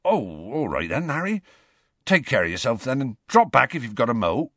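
A man voicing a huge, gruff, kindly half-giant gamekeeper who turns soft and hushed in sad moments. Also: medium pitch, sing-song, moderate pace, no echo, studio quality, voice pushed up, full character voice. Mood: disappointed.

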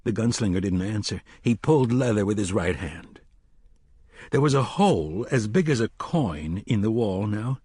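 A man reading a dark fantasy audiobook in a measured, deliberate way. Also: fairly low pitch, expressive, husky, no room sound, studio quality. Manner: measured, slowing for tension. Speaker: narrator. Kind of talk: audiobook narration.

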